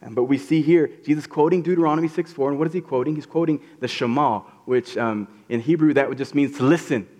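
A man's voice: fairly high pitch, fast talker, hardly any pauses, darkish tone. Casual male preacher in a reverberant hall. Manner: conversational, acts out quotes in voices. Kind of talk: casual sermon.

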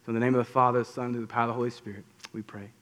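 A man, a pastor leading a soft, halting closing prayer. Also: mid-range voice, little pitch movement. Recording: long hall reverb.

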